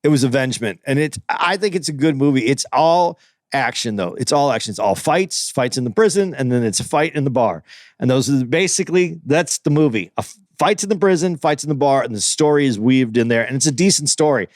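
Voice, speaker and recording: Host: a mid-pitched man, relaxed and keen, talking movies on a dry, close mic. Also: fairly quick, dry recording. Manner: easygoing, enthusiastic, with restarts. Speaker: podcast host. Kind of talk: casual chat, movie review.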